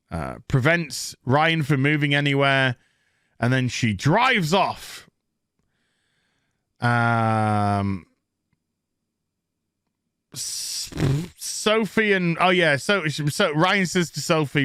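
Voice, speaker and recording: A man speaks slowly, with a bright, forceful edge, and his pitch swings widely as he mocks what he watched. He is sarcastic and swears freely. The sound is dry and close. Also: animated, dry recording. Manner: sarcastic and profane; mocks scenes in quick put-on voices. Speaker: TV show reviewer. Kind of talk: casual recap rant.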